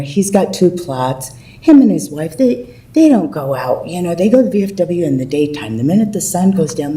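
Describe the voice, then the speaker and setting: A woman's voice: lowish voice, mellow, recorded from a distance, low-quality recording. A woman giving a rambling, emotional public comment at a city council meeting.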